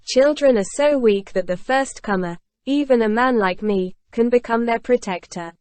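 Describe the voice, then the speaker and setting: A woman voicing a grave, calm older male ex-convict in a storybook reading, delivered in a measured, solemn way. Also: a little high, no echo, lightly acted.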